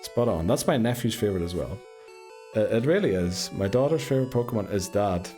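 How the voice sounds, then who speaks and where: A man's voice: fairly low pitch, animated, a little fast, warm tone, soft background music. A man casually hosting a game live stream, laughing and greeting viewers by name. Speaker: streamer host.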